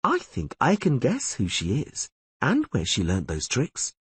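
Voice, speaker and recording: A man voicing a sharp-tongued, protective young outlaw with a scornful, heated way of talking. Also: medium pitch, wildly swooping pitch, measured pace, husky, no echo, voice pushed up, exaggerated voice.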